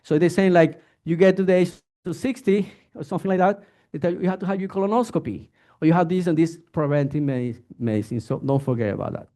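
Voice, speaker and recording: A man who is a physician, giving an informal medical lecture and acting out exchanges with patients. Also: fairly high pitch. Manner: animated, acts out patient exchanges.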